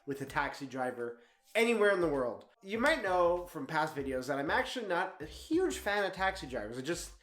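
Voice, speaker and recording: A young man in his twenties telling a travel story in a vlog, animated and laughing often as he talks. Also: fairly high pitch, brisk, reverberant. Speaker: travel vlogger.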